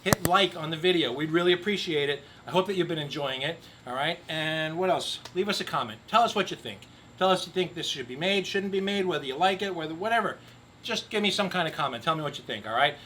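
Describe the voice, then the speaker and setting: A man's voice: on the high side, animated, fast, bright, forceful tone, a little hiss or hum. A middle-aged man hosting a grill cooking video outdoors, chatting upbeat and joking to camera. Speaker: grill cooking show host. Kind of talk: casual cooking demo to camera.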